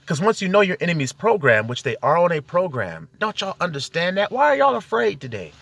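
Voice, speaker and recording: A man's voice: sits high, huge pitch swings, brisk, vocal fry, a bit bright. Fired-up man preaching in a car. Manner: exhorting, fired-up, peppered with rhetorical questions to the audience. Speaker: self-styled preacher. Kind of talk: impassioned spiritual monologue. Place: inside a car.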